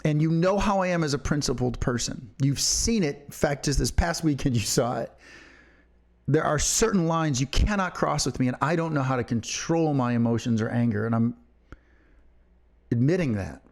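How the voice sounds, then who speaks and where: A man's voice: medium pitch, normal speed, vocal fry. A middle-aged man and podcast co-host, talking in a fiery, profane and emphatic way. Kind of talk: impassioned opinion talk.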